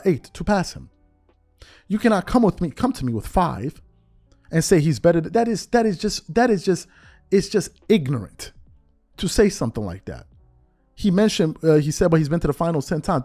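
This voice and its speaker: A man's voice: on the high side, a little mellow. A man hosting a commentary show, giving emphatic, opinionated sports commentary in a slangy, conversational way and firing off repeated rhetorical questions.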